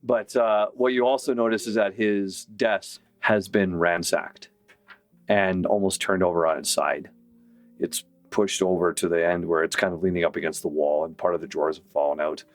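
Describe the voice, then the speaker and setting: Low-voiced man narrating as game master. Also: fairly even intonation, soft background music. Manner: casual, descriptive, with filler pauses.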